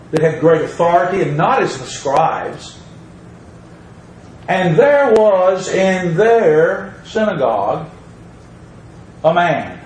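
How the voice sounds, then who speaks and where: A man's voice: a little high, roomy sound, distant mic, a little hiss or hum, poor audio. A man preaching a sermon, reading scripture aloud and driving points home by repeating them. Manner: emphatic, repeats phrases, reads scripture aloud.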